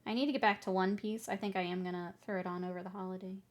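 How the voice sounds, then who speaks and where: Talking very fast in a mid-range voice with a steady tone, a woman paints miniatures and chats casually with viewers. Her rambling is playful and self-deprecating, punctuated by frequent giggles.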